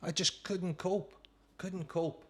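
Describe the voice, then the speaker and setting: A man, a former footballer and co-host, telling anecdotes in a casual chat with lively quoting and laughter. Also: sits high, takes it slowly, a little hiss or hum.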